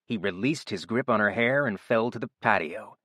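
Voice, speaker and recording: A man narrating an audiobook in a steady, even storytelling voice. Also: fairly low pitch, normal speed, dry recording, studio quality. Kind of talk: scripted narration.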